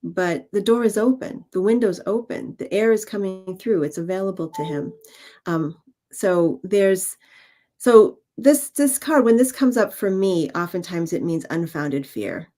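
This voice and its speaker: A woman co-hosting a spiritual livestream and reading cards in casual chat over a video call, laughing easily and talking in halting phrases. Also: mid-range voice, lively intonation, mellow. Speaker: co-host and card reader.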